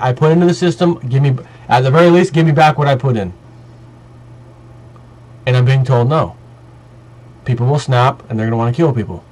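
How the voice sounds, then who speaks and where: A man's voice: medium pitch, low-quality recording. A man vlogging in a heated monologue, ranting emphatically and piling up repetitive lists.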